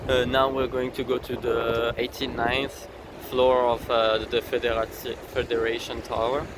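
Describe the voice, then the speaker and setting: A man's voice: medium pitch, flat delivery, moderate pace. A young man, chatting casually as a travel vlogger, rambling with lots of "like" and restarts. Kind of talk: casual travel vlog chat. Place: outdoors on busy city streets. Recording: noisy street recording with traffic. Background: traffic noise.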